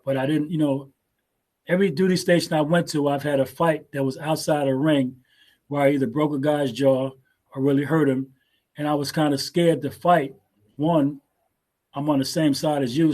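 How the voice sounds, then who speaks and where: An older man in his sixties speaks with a fairly high pitch, unhurried and laid-back. He stumbles and repeats words as he restarts his thoughts. The tone is that of a relaxed interview guest recalling his past. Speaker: guest, martial arts teacher. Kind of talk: casual storytelling interview.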